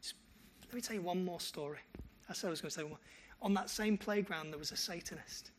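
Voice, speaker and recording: A man's voice: high voice, quick pace, a little hiss or hum. A male pastor, preaching a sermon and telling stories with quoted dialogue. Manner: animated storytelling with quoted dialogue.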